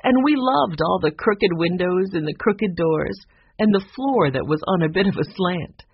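Narrator voicing a gentle older housekeeper, soft and fretful, breathy, lo-fi audio. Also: mid-range voice, lively intonation, normal speed, no room sound. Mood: reminiscing. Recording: dull lo-fi recording.

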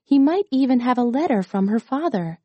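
A woman narrating a children's chapter book aloud in a calm, clear reading voice. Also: high voice, fairly quick, dry recording, muffled recording. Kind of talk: storybook read-aloud.

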